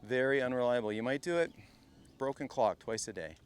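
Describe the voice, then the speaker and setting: A middle-aged man coaching a group at a live golf clinic, chatty and energetic, often turning to the group as guys. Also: medium pitch, brisk. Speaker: golf instructor.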